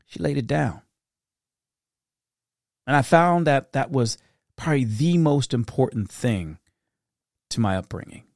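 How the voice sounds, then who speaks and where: A middle-aged man hosting a reflective solo podcast, talking earnestly in a storytelling way that turns soft-spoken at times. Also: medium pitch, lively intonation, a little slow, vocal fry, long pauses, no echo, studio quality. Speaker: podcast host.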